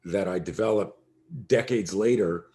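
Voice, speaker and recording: A middle-aged man who instructs self-defense tells an energetic story as a podcast guest, acting out its voices. His voice sits low, and he keeps a moderate pace.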